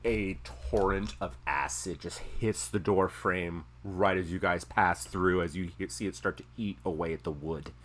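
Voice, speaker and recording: A man narrating a tabletop game as game master, in slow, measured description. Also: deep voice.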